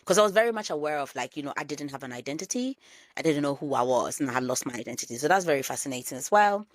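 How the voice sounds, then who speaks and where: A woman's voice: low-pitched, expressive, racing, no echo. A woman in her thirties hosting a solo podcast, reflecting candidly and repeating phrases for emphasis. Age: 30s. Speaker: podcast host.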